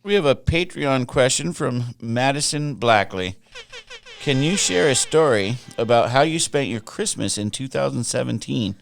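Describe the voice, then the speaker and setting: A man's voice: medium pitch, expressive, moderate pace, creaky, a little hiss or hum. A man hosting a podcast, reading listener questions and tossing in short joking reactions in casual chat. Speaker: podcast host.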